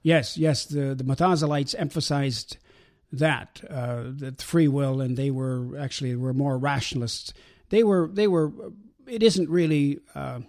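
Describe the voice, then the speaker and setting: A man calmly explaining religious ideas in a talk show discussion, pausing often with fillers. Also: a little high. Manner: measured, explanatory, with many pauses and fillers. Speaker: guest speaker explaining Islam.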